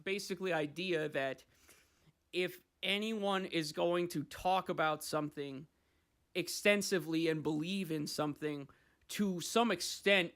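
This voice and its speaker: A young man hosting a podcast, rambling and swearing in casual chat. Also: a little high. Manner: rambling, profane, animated. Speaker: podcast host.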